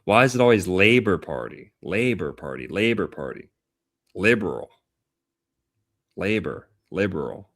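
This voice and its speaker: Deep-voiced man riffing playfully. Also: big pitch swings, a bit bright. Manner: playful, punning, drawn-out emphatic words. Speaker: podcast host. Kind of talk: casual chat about astrology.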